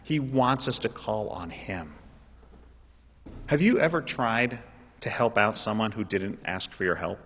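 Impassioned preacher in a reverberant hall. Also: male voice, on the low side, unhurried, husky. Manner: animated, rising to loud impassioned pleas. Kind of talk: sermon. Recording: dull audio in a reverberant hall.

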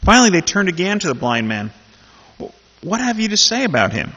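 A man's voice: high-pitched, very animated, brisk, bright, forceful tone, husky. A man leading a Bible study, talking casually and then reading a scripture passage aloud with animation. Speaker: Bible teacher. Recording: dull sound in a reverberant hall.

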